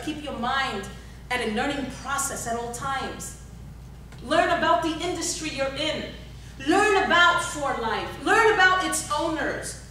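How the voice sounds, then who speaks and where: High, bright woman exhorting a hall. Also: slight background noise. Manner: exhorting, repetitive, asks the audience questions. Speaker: motivational workshop speaker. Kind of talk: motivational seminar talk. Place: large echoey workshop hall. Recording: echoey hall, speaker far from the recorder.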